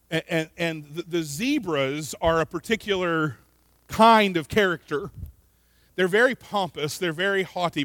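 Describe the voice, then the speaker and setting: A man delivers a sermon with a high voice, close to the mic in a dry space. He is earnest, often repeats words, and swings between loud emphasis and quiet asides. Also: no room sound. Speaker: pastor.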